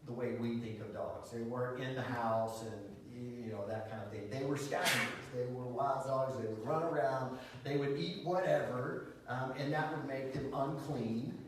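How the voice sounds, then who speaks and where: Man preaching in an echoey hall. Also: mid-range voice. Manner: conversational, animated preaching with many fillers and restarts. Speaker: pastor. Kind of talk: sermon. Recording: echoey hall, distant mic, faint noise.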